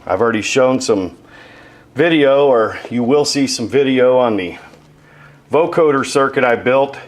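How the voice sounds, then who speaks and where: Brief: man, hobby workshop narrator, chatty explainer, mid pitch. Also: unhurried. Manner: chatty, explanatory, self-deprecating. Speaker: model maker.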